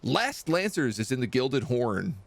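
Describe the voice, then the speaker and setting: A man's voice: mid-range voice, big pitch swings, unhurried, gravelly, no echo. A man streaming a video game, chatting casually and reading the game's text aloud.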